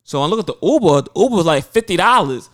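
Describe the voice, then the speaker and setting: A young man telling a travel story in casual podcast chat, profane and animated, acting out other people's voices. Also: high voice, fast. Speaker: podcast co-host.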